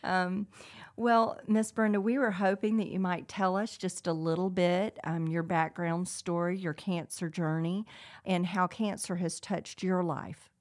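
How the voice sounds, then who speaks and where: Woman co-host, low-ish voice, easy laugh, scripted introduction. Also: steady tone, unhurried. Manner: warm, laughs easily, reads introductions. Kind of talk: radio show interview.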